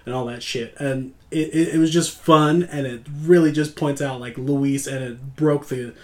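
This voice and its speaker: A man's voice: medium pitch, steady tone, normal speed. A man joking and rambling in a casual podcast chat.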